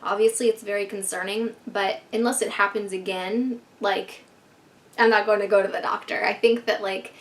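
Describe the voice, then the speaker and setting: A woman's voice: medium pitch, fairly even intonation, moderate pace. A woman in her thirties telling a storytime vlog to her viewers in a casual, swearing way, filling her talk with "like". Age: 30s. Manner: casual, fills every phrase with "like" and swears freely. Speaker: vlogger.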